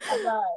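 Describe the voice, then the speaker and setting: A woman's voice: mellow, dry recording, poor audio. A woman co-hosting a casual chat, telling stories animatedly and laughing often. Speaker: podcast co-host.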